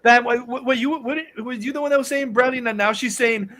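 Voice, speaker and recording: A man's voice: very high voice, steady tone, a little fast, bright, forceful tone. A man hosting a livestream, ranting crudely in casual chat and stumbling over his words as he gets heated. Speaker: livestream host. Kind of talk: casual profane rant chat.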